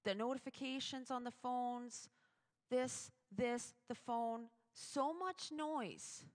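A woman giving a chatty, animated devotional talk to other women, with sudden loud emphasis on key words. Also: a little high. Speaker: devotional speaker. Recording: long hall reverb.

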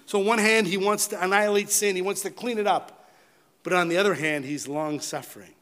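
A man preaching a sermon, rising to loud emphatic peaks and dropping to low, quiet words. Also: brisk, clean tone. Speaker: pastor.

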